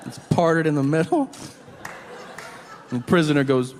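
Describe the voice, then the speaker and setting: A man doing a stand-up set, acting out people in loud, high voices. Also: moderate pace, pauses often. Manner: animated, acts out characters in loud high voices. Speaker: stand-up comedian. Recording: long hall reverb, faint ambience.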